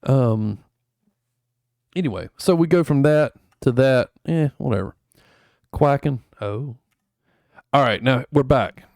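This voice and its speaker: A man's voice: medium pitch, slow pace, pauses often, darkish tone, no room sound, clean studio sound. A man streaming in a rambling, laid-back chat full of fillers, going over his travel photos. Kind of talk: casual chat.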